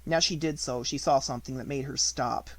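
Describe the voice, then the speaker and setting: A man's voice: medium pitch, steady tone. Man narrating a classic audiobook. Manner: measured storytelling, slows on descriptive words. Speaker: audiobook reader.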